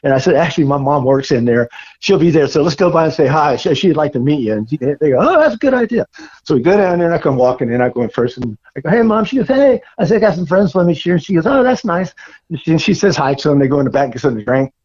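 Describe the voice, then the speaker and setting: Husky older man telling surf stories. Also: mid-range voice, racing. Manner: animated storyteller, acts out quoted voices. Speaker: surfer guest. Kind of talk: casual storytelling interview. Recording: dull lo-fi recording.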